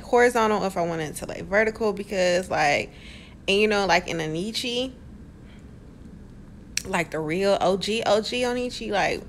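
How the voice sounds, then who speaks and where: A woman's voice: fairly low pitch, a little hiss or hum. A woman vlogger chatting in a casual voice-over, playful and rambling, talking straight to her viewers with self-amused asides. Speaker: planner vlogger.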